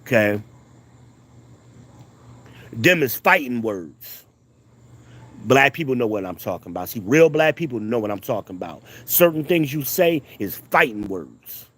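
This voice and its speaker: A man's voice: mid-range voice, animated, a little slow, long pauses, fairly bright tone. Heated man ranting on camera. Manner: emphatic, repetitive, heated. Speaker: commentator. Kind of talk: casual rant.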